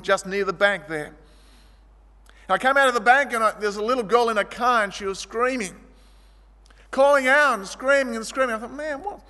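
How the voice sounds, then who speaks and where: A man preaching a sermon, telling stories vividly and swinging between loud, animated passages and quiet, low ones. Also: big-room sound. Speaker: pastor.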